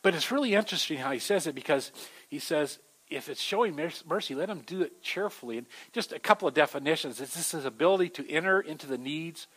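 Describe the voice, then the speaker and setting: A middle-aged man preaching a sermon, telling stories with an animated delivery that swings from loud to soft. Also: a little high, fast talker, slightly rough. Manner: animated storytelling, voices shifting loud and soft. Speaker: pastor.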